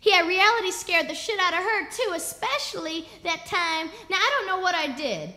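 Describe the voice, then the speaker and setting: A woman's voice: extremely high pitch, animated, moderate pace, bright, forceful tone. A woman giving a spoken word performance, telling a story in a raw, profane, rhythmic way. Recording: long reverb.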